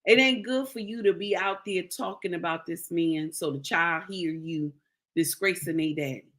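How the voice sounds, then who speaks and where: Preachy, low-voiced woman giving advice. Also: fairly bright tone. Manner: preachy, repeats key lines for emphasis; addresses listeners as sisters. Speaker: social commentator. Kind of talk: casual commentary.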